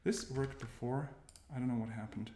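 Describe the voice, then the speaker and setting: In a mellow mid-range voice at normal speed and with fairly even intonation, a man casually comments on his coding as he demos his workflow. He reasons out loud, halting and self-correcting often. The audio is roomy and noticeably noisy, with keystrokes and clicks audible.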